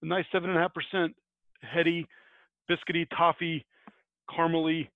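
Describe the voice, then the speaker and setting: An American podcast host, a man with a slightly high voice, chats casually at a brisk clip in a flat delivery, rambling and laughing at himself while retelling a folktale. The recording is dry and tinny, like a phone line, with no echo.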